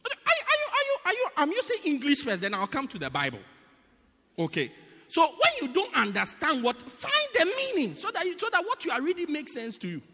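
A man preaching a sermon in a teaching manner, often checking whether the congregation understands, swinging between loud bursts and quiet asides. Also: extremely high pitch, huge pitch swings, fairly quick, in a large hall. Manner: teaching, repeatedly asking the congregation "do you get it?".

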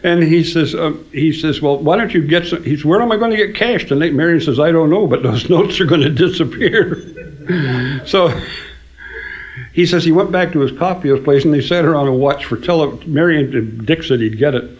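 A man's voice: a little high, moderate pace. Older man telling dry anecdotes. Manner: dry storyteller, laughs at his own punchlines. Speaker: songwriter telling stories. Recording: dull lo-fi recording.

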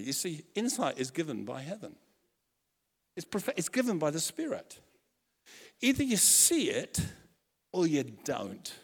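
Guy preaching, super lively ups and downs, tells stories and acts out the voices, echoey hall. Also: sits high. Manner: animated storytelling, acts out quotes, self-correcting restarts. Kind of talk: sermon. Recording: long hall reverb.

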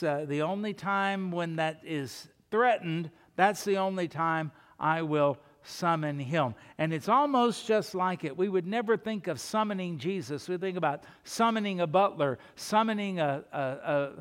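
High-voiced pastor preaching emphatically. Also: male voice, clear, resonant tone, long reverb tail. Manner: emphatic preaching with rhetorical questions. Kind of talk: sermon.

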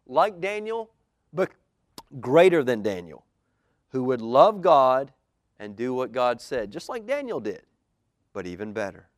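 Lively pastor reading a storybook. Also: male voice, a little high, dry recording, studio quality. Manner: lively, asks the children questions. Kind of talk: reading a children's storybook aloud. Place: church auditorium.

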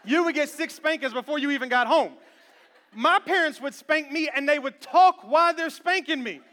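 A male pastor in his thirties delivers a playful, animated sermon with a very high, bright voice. He swings from hushed talk into shouting. A long church reverb trails every phrase. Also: moderate pace.

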